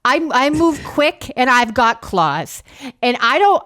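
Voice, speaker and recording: A woman's voice: high voice, big pitch swings, takes it slowly, a bit bright, heavily acted. A woman voicing a brash, crude male cat running for mayor, with a Boston accent and a boastful, combative, foul-mouthed way of talking. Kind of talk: improvised comedy role-play.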